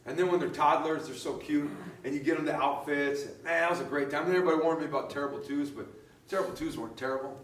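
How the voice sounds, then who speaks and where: A man preaching a sermon in a relaxed, storytelling way, laughing often and restarting his sentences. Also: on the high side, fast talker, roomy sound, distant mic, a little hiss or hum. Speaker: pastor.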